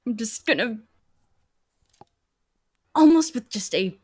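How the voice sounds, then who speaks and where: A woman's voice: fairly high pitch, lively intonation, slow pace, husky, no room sound, clean studio sound. A woman playing a tabletop game, eager and upbeat as she describes her character's actions. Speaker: player.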